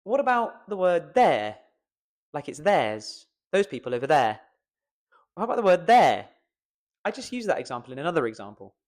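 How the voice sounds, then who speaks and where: A man's voice: a little high, sing-song, moderate pace, long pauses. A man, a voice coach giving a playful, self-mocking pronunciation lesson to camera and stretching out the stressed syllables.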